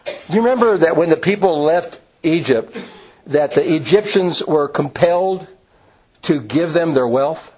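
A man's voice: fairly high pitch, lively intonation, measured pace, darkish tone, breathy edge. A man preaching a sermon, reading scripture and quoting passages aloud between plain asides, with frequent restarts. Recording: dull lo-fi sound.

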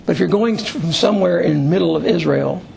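A man's voice: high voice, fairly quick, vocal fry, crowd noise, poor audio. A man leading a Bible study, reading scripture aloud and then explaining it to a small group in a conversational way. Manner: conversational and explanatory, with occasional fillers.

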